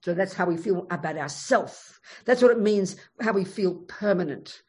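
Animated woman teaching Buddhism. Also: on the low side, normal speed, husky. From Australia. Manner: animated, emphatic, frank storytelling. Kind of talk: Buddhist dharma talk.

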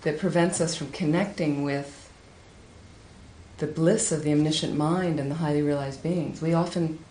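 A woman giving a Buddhist talk, telling a teaching story with lively, high-pitched acted quotes. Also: moderate pace, a little hiss or hum. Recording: echoey room with faint ambience.

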